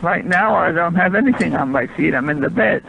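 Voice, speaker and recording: A woman's voice: fairly low pitch, expressive, brisk, vocal fry, a loud crowd. An older woman on a phone call, rambling and hesitant, a bit bewildered. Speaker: prank call target. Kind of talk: phone conversation.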